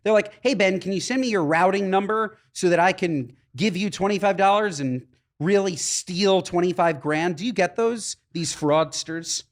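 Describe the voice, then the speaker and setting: A man co-hosting a podcast in casual chat, telling stories in an animated, exasperated way. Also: high voice, moderate pace. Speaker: podcast co-host.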